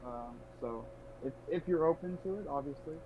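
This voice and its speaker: A man co-hosting a livestream, talking in a halting way with many fillers. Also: fairly high pitch, lo-fi sound, noisy background. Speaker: co-host of the stream. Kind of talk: casual livestream chat.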